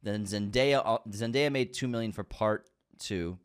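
A man co-hosting a casual chat, talking in a relaxed, rambling way and hedging his guesses as he recaps the news. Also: lowish voice, normal speed, smooth. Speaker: podcast co-host.

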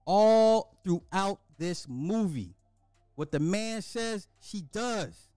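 Male film reviewer, emphatic and repetitive, slightly high pitch, dry close sound. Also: expressive, slow pace, warm tone, dry recording, soft background music. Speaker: movie reviewer. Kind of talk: casual film recap.

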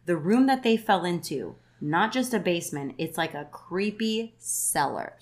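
A woman's voice: fairly low pitch, expressive, unhurried. A woman co-hosting a casual podcast, retelling a film plot in a chatty way with lots of "like". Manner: chatty storyteller, says "like" a lot, quotes characters in a livelier voice.

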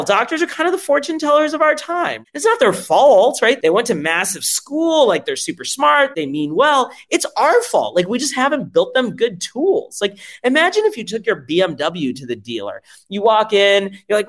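A man, a startup chief executive, making an animated, emphatic case in conversation, full of rhetorical questions, swearing and acted-out scenarios. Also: high-pitched, fairly quick. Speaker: startup CEO guest. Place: podcast interview.

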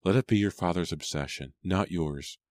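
A man voicing a sensible, gentle young woman who speaks softly and pleadingly. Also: low voice, moderate pace, no echo, studio quality, natural voice. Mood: worried. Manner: soft, pleading.

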